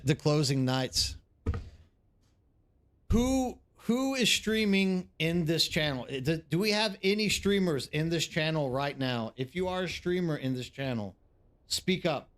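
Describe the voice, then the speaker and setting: A man's voice: a little high, fairly bright tone. A man in his forties, a game streamer, rambling in casual live-stream chat and talking straight to his viewers.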